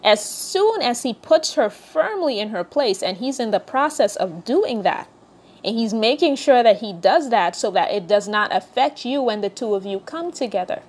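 A woman's voice: mid-range voice, lively intonation, normal speed, a little mellow. A woman minister reading scripture aloud and then preaching earnestly, speaking directly to her listeners. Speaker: prophetic minister.

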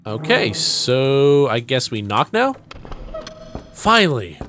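A woman giving casual, wry commentary while playing a game, chatty and quick to swear. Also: very deep voice, sing-song, a bit bright, a little hiss or hum. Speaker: let's play gamer. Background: game music.

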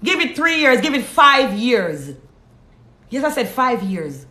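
Jamaican woman host, blunt live-stream advice, slightly high voice, echoey room. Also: big pitch swings, slow, bright, forceful tone. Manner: blunt, preachy, reads out viewer comments. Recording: roomy echo.

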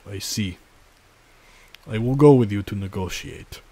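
A man's voice: fairly low pitch, measured pace, dark tone, husky, dry recording. A man voicing a formal, guarded young male clan leader with a thick accent. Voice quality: thick foreign-sounding accent.

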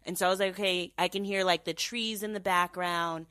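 Speaking briskly in a lowish voice, this young podcast host tells stories in a chatty, animated way, full of fillers and imitations of her own inner voice. The recording is dry and close, with no room sound.

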